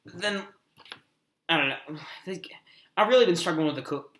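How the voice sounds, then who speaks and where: A man co-hosting a casual sports podcast, his bright, forceful voice bouncing around a roomy space. He thinks out loud and often trails off into quiet mumbles. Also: fairly high pitch, moderate pace. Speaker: podcast co-host. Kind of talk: casual sports debate chat.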